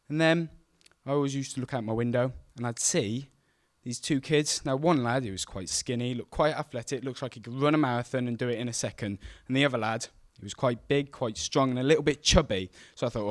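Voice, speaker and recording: A young man telling a true story on stage, animated and self-mocking as he acts out the scenes. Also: mid-range voice, fairly quick, no room sound, studio quality. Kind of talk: live storytelling to an audience. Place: stage at a live event.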